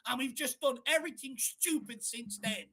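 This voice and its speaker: Exasperated high-voiced woman shouting at a match. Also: moderate pace, background noise. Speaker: watchalong co-host. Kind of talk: heated live match reaction.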